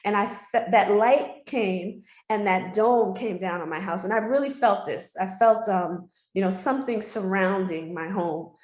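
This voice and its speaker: A woman speaks in an earnest, heartfelt way, sharing a personal story as an interview guest. Her voice sits at an ordinary middle pitch. The room around her is echoey and reverberant. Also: a little slow, few pauses, a little mellow. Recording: roomy echo.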